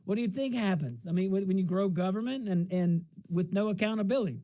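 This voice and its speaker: A man's voice: high voice, fast talker, mellow. A man hosting a political talk show, chatting casually and giving opinions. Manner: casual, opinionated, laughing asides. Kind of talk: political talk radio commentary.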